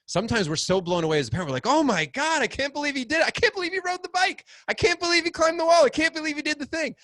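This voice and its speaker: A middle-aged man telling a story in casual conversation, acting out quotes with big swings in pitch. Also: no room sound. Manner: animated, acts out quotes with big pitch jumps. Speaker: podcast guest, fatherhood group founder.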